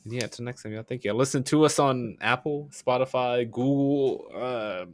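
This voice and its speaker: A man co-hosting a casual comedy podcast, joking and laughing often, reading out the sign-off. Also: moderate pace. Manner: laughing, joking, animated pitch swings. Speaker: podcast co-host.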